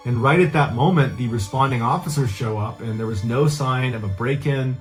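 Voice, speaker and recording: A man's voice: mid-range voice, normal speed, hardly any pauses, faint music behind. A man narrating a true crime case in a casual, earnest, conversational way. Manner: casual, earnest retelling with loose phrasing. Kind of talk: conversational storytelling.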